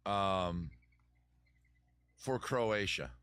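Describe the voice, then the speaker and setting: A man's voice: sits low, animated, very slow, fairly bright tone, clear, resonant tone. A man hosting a live advice stream, rambling through chat questions with jokey, digressive mock advice. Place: home room with a fire.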